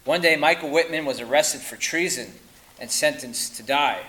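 A man preaching a sermon, emphatic and insistent, firing rhetorical questions and dropping to quiet at the ends of lines. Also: on the high side, normal speed, low-quality recording.

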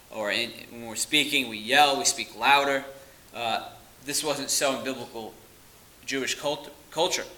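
A man's voice: mid-range voice, bright, forceful tone, poor audio. A man preaching a sermon, earnest and emphatic, often repeating words for weight. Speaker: pastor.

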